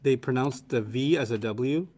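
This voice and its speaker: A man's voice: medium pitch, moderate pace, darkish tone, a little hiss or hum. A man teaching a class, playful and teasing, laughing easily with his students.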